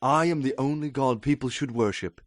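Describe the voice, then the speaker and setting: A man's voice: medium pitch, normal speed, no echo, clean studio sound, close to an everyday voice. A man voicing a proud, angry male god who speaks in a haughty, indignant way, in a storybook reading.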